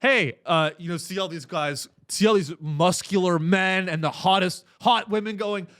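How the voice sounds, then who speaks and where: A man's voice: high voice, moderate pace, a bit bright, no room sound. A man hosting a comedy podcast, delivering a profane, ironic, rambling rant with many restarts into a close mic. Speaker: podcast host.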